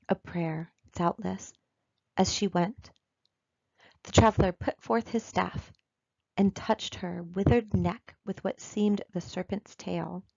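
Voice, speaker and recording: A woman reading a classic short story aloud in a measured, even storytelling voice. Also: medium pitch, vocal fry, no room sound, lo-fi sound. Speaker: reader.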